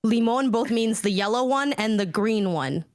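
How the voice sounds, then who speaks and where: A woman's voice: a little high, expressive, normal speed, dry recording, studio quality. Rambling self-deprecating woman panelist. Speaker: podcast panelist. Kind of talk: casual panel chat.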